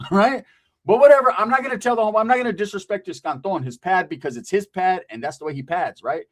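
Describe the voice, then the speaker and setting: A man's voice: sits high, quick pace. A man from Central California telling a casual street story in a profane, streetwise way, often tagging lines with "right?".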